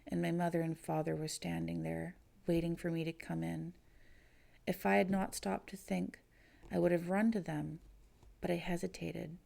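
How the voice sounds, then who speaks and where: Woman reading a story, low gravelly voice, calm and even. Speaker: audiobook reader. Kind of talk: first-person story reading.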